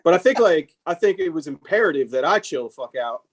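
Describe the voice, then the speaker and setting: A man's voice: fairly high pitch, lively intonation, fairly quick. Blunt, swearing male podcast host. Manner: blunt, emphatic, heavy swearing. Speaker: podcast host, tattoo artist. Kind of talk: casual podcast chat.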